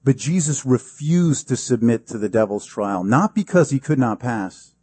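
A man's voice: medium pitch, animated, normal speed, a little mellow, slightly rough, no room sound. A pastor preaching a sermon in a conversational, emphatic way, acting out the quotes he gives.

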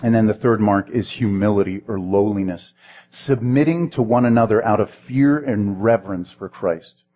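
A man's voice: on the low side, moderate pace, warm tone. A man preaching a sermon in a conversational way, asking the listeners questions and often repeating words as he restarts. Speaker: pastor.

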